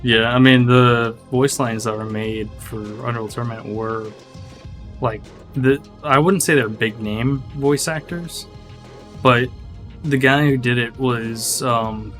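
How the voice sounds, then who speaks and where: A man's voice: medium pitch, fairly bright tone. A man chatting casually on a stream, easygoing and hesitant, thinking aloud as he talks.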